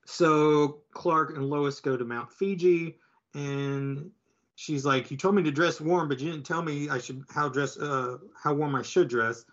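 A man's voice: fairly high pitch, measured pace, a bit bright. A man co-hosting a podcast, casually retelling a comic book plot with lots of fillers and asides. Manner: rambling, filler-heavy storytelling. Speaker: podcast co-host. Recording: slightly dull lo-fi audio.

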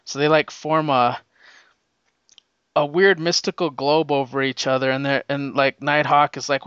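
A man recapping a comic issue in a casual, excited, rambling way, with lots of fillers. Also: on the high side, moderate pace, clean tone, dry recording, lo-fi sound. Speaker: comic book reviewer.

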